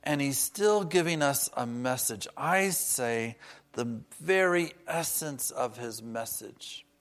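A man preaching a sermon, earnest and personal, slowing down to stress key words and dropping in chatty asides. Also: medium pitch, animated, a bit bright.

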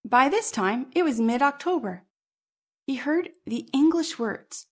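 A woman hosting a church history podcast, narrating from a script in a measured, explanatory way. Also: high-pitched, lively intonation. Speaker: podcast host.

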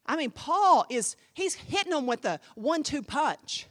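Lively high-voiced woman pastor preaching. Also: unhurried. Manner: emphatic, conversational preaching with sudden jumps in volume. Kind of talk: sermon teaching.

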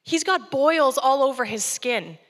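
A woman's voice: sits high, lively intonation, normal speed, fairly bright tone, big-room sound. A woman guest preacher giving a conversational sermon and acting out scripture dialogue.

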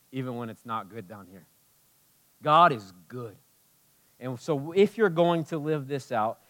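Impassioned male pastor preaching. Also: on the high side. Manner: impassioned, swinging from loud emphasis to hushed tenderness. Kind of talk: sermon.

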